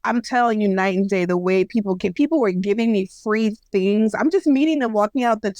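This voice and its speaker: A woman in her thirties co-hosting a casual podcast, telling a story in a lively way and acting out the people she quotes. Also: mid-range voice, brisk, dry recording. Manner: animated storyteller, acts out quoted voices, laughs at herself. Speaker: podcast co-host.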